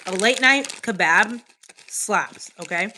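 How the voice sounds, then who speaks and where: A woman's voice: mid-range voice, animated, slow, pushed and bright, a little hiss or hum. A woman streamer in casual livestream chat with viewers, playful and teasing, with casual swearing, snacking while she talks.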